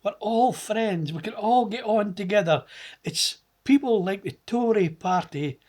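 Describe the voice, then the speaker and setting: A man's voice: sits high, expressive, unhurried, a little mellow. Ranting middle-aged Scottish man. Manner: ranting, repeats words for emphasis. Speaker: political commentator. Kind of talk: impassioned political monologue.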